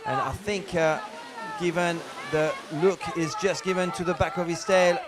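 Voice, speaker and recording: A man giving live commentary on a paddleboard race. He talks in a lively way and pauses on many fillers. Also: high voice, a loud crowd, heavy background noise.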